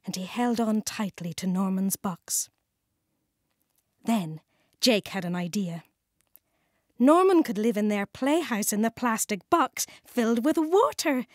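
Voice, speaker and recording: A British woman narrating a children's storybook, warm and clearly enunciated. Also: fairly high pitch, no room sound, clean studio sound. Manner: warm, slow, clearly enunciated, sing-song. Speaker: audiobook narrator.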